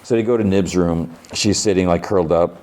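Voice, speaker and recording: A podcast host talks through an episode in a relaxed, rambling way. His voice sits very low and sounds warm and dark. He strings scenes together with casual fillers. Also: brisk. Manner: chatty, retells scenes with lots of filler likes.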